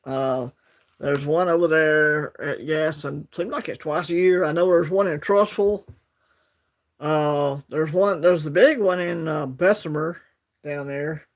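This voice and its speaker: Gravelly Alabama man, easygoing chat. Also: on the high side. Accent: Southern US, Alabama. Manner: laid-back, rambling, greets chat by name. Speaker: livestream host. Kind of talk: casual livestream chat.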